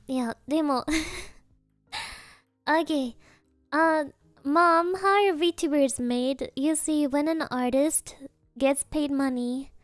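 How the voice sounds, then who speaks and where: Playful woman streamer, high voice, unhurried, dry close sound. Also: darkish tone, dry recording. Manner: playful, giggly, silly joking answers. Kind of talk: casual live Q&A chat.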